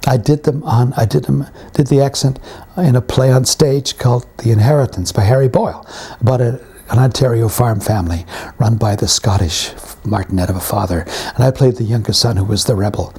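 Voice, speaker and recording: A husky, raspy-voiced man. His tone is mellow and warm as he tells wry career anecdotes in an interview. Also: mid-range voice, a little fast. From Canada. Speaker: veteran actor and writer being interviewed. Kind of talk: reminiscing interview.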